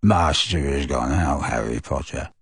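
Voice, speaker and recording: Guy doing a wheezy old house elf, low and sly, gloaty and slow. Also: husky, no room sound, clean studio sound, heavily acted. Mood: gloating. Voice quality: wheezy cackling. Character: old male house elf, spiteful, gleeful. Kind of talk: reading a novel aloud.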